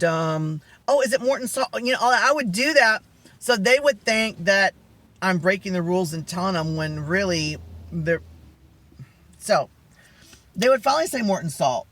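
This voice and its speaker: A man's voice: high-pitched, fairly bright tone, dry recording. A young man casually telling a long personal story, rambling with many fillers and acting out phone calls.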